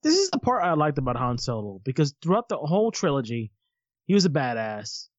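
A man co-hosting a casual movie watch-along, animated and swearing casually, quick to laugh. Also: fairly high pitch, no room sound, lo-fi sound. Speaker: podcast co-host.

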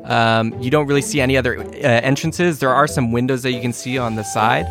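Brief: male game master narrating a tabletop game, medium pitch, halting delivery, loud background music. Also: fairly even intonation. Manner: descriptive, halting with fillers.

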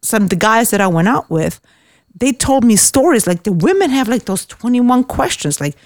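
A woman's voice: a little high, moderate pace, dry recording. Woman, from Austria, casual storyteller, blunt and profane, dry studio sound. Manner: blunt, swears freely, animated storytelling. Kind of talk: casual chat.

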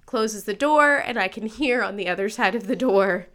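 Bright-voiced woman telling a story. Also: medium pitch, moderate pace. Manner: conversational, acts out quoted voices. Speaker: podcast co-host. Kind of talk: casual storytelling chat.

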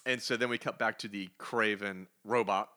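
A man co-hosting a comic book podcast, retelling stories with lively, acted-out character lines. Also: lowish voice, moderate pace. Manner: animated storyteller, acts out characters' lines. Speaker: podcast co-host. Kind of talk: casual comic book review chat.

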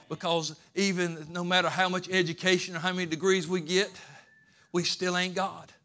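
A pastor preaching a sermon to his church in a folksy, plainspoken way, rising into loud pleading cries and shouts. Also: high-pitched, little pitch movement, moderate pace. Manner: folksy Southern-style grammar like ain't and gonna. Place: church sanctuary.

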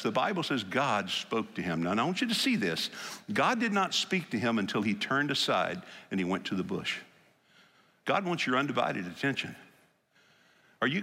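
A man preaching a sermon in a church, telling Bible stories in an animated way and acting out the quotes. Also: medium pitch, husky, in a large hall. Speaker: pastor.

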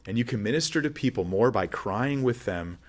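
Brief: pastor, man, mid-pitch, earnest, conversational Bible teaching with questions to the listeners. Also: animated, a little fast.

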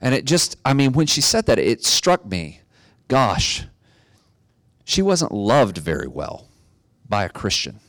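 A middle-aged man preaching a sermon, telling a story in a relaxed way and building to emphatic exhortation. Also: on the low side, slow pace, pauses often, no echo. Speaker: pastor.

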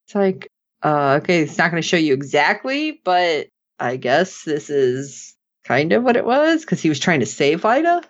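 Woman podcast co-host, lively and expressive, slightly dull lo-fi sound. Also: normal speed. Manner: animated, acts out characters' lines with big pitch jumps. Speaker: podcast co-host recapping an episode. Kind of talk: casual chat.

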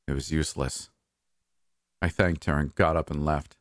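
Low deep guy narrating a spooky story, calm and a bit wry, dead dry sound. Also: normal speed, long pauses, no echo. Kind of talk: first-person horror story narration.

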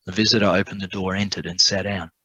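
Husky male preacher telling a story. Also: low-pitched, level tone, quick pace, sharp tone, dry recording, dull audio. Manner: narrating a parable, dramatic. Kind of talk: sermon storytelling.

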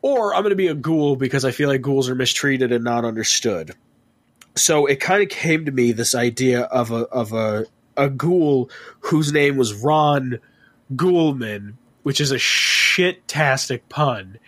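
A young man in casual podcast chat, telling tabletop game stories in an animated, profane way. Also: medium pitch, measured pace.

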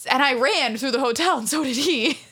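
A young woman telling a story in a casual chat, with animated delivery and many "like" fillers. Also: sits high, slightly rough. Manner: animated, fast, frequent "like" fillers, laughing as she tells it.

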